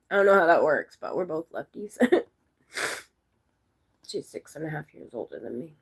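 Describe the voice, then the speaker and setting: A silly, giggly woman rambles to her viewers in a loose, casual chat, laughing often. Her voice is gravelly and a little husky, sitting fairly low but swinging widely in pitch. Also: sing-song, moderate pace. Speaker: vlogger chatting with viewers.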